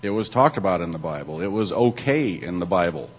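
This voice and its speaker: A man's voice: sits low, lively intonation, a little fast, breathy edge, poor audio. A man giving a church talk, alternating between reading aloud and loose spoken asides, with occasional restarts. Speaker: church speaker.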